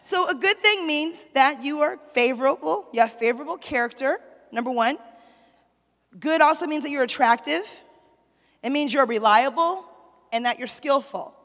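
A woman's voice: sits high, normal speed, fairly bright tone. A woman preaching a sermon in a church, telling a story with lots of energy and calling out to the congregation for responses. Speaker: pastor's wife preaching. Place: church sanctuary. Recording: long hall reverb.

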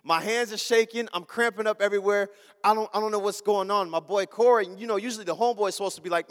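A man's voice: high voice, fast talker, in a large hall. A young man preaching a sermon, telling a funny story and acting out the people in it. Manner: animated, acts out the people in his story. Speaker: pastor.

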